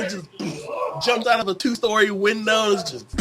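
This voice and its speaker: Man, high voice, very animated, casual chat, acts out scenes with sound effects. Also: normal speed, a crowd in the background. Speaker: co-host.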